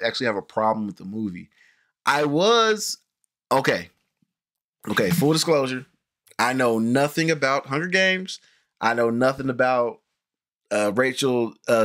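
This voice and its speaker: Guy hosting a podcast, chill movie review, rambles and restarts a lot, aave speech, regular mid voice. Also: medium pitch. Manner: rambling, frequent restarts and fillers, animated when excited. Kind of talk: casual movie review chat.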